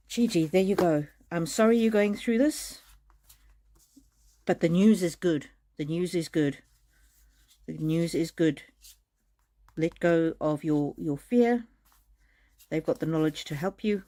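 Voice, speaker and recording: Gentle woman giving a live card reading. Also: on the low side. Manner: gentle, reassuring, with frequent restarts. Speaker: oracle card reader. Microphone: streaming mic.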